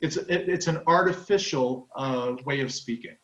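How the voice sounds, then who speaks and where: A man's voice: medium pitch, a bit bright, dull audio. A man in his forties from Canada, a talk show guest chatting casually and telling stories. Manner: chatty storyteller, does quick voices. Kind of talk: casual chat. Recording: roomy echoey sound.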